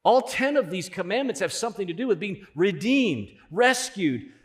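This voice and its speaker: A man preaching a sermon as pastor, conversational, swelling loud on key points. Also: high-pitched, very animated, moderate pace.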